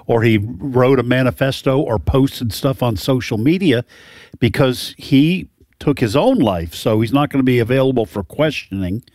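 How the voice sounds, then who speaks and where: A man co-hosting a radio talk show, giving opinions in a measured, slightly wry way. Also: medium pitch, darkish tone, no echo.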